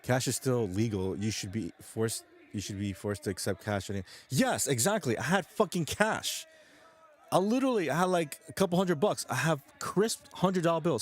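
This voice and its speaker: A young man from New York vents straight to the camera in a profane, agitated rant. He circles back and repeats himself. His voice sits in an ordinary middle pitch. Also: expressive, normal speed. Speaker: vlogger. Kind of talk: ranting vlog monologue.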